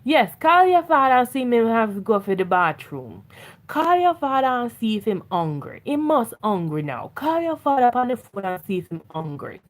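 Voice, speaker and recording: A woman's voice: a little high, very animated, normal speed, pitched above the performer's own voice. A woman doing a fussy mom. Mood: insistent. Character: roundabout mother, fussy and indirect.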